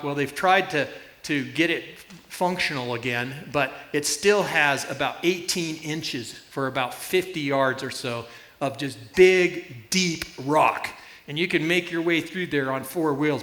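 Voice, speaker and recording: A man's voice: a little high, bright, forceful tone, echoey room. A man preaching a sermon, telling a story with laughter and illustrations. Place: church.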